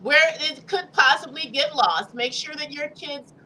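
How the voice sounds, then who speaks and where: A woman's voice: high-pitched, unhurried, pushed and bright, a little hiss or hum, poor audio. An older woman and grandmother co-hosting a casual panel chat, giving firm advice. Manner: firm, advising. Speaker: co-host.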